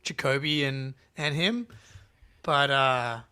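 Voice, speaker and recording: Bright, excitable man co-hosting a stream. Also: medium pitch, smooth. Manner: excitable, laughs often, quick apologies. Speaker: podcast co-host. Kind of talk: casual live-stream chat.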